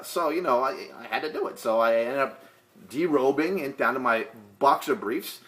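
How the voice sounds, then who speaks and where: A man's voice: mid-range voice, a bit bright. A man, a real estate agent answering viewer questions in a casual, rambling, joking way with lots of fillers. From Boston area. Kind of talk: casual vlog Q&A.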